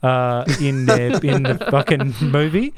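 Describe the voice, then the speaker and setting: A man's voice: medium pitch, measured pace, dry recording, clean studio sound. A man co-hosting a podcast, ranting in an opinionated casual chat with many restarts and asides. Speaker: podcast co-host.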